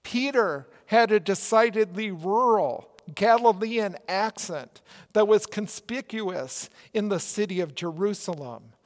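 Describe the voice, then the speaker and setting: A male pastor with a Minnesota accent preaching a sermon in a church, earnest and measured, with emphatic rises. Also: sits high. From Minnesota, United States. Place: church sanctuary. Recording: long church reverb.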